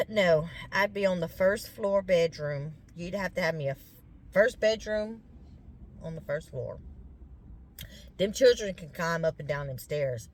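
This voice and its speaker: In an unhurried, expressive, lowish voice, a middle-aged Louisiana vlogger with a Southern US accent chats casually with viewers she calls "y'all." Sinus drainage leaves her a bit congested, and there's slight background noise.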